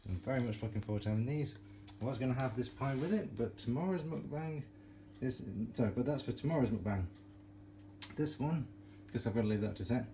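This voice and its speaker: A man's voice: mid-range voice, animated, a little fast, mellow, a little hiss or hum, rough recording. A man hosting a casual cooking and eating vlog, chatty and self-mocking, chuckling often. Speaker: cooking vlogger.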